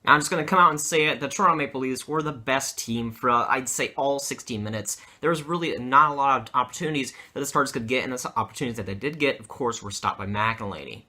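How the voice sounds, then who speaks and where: A man's voice: medium pitch, quick pace, hardly any pauses, pushed and bright. A young man giving an eager, upbeat guest take on a hockey game. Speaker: guest hockey fan youtuber. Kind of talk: casual game recap.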